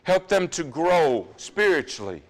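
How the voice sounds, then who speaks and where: A man preaching a sermon in a church, earnestly putting question after question to the congregation and dropping to quiet asides now and then. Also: a little high, sing-song, measured pace. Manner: drops to quiet asides about running over time.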